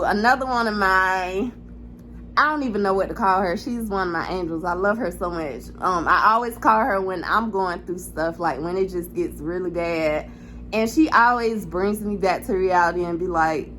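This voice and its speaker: A young woman vlogging straight to camera in a chatty, candid way, frank and unpolished. Her voice sits at a middle pitch. A faint hiss of background noise runs under the recording. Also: expressive, moderate pace, fairly bright tone, low-quality recording. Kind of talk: casual direct-to-camera vlog.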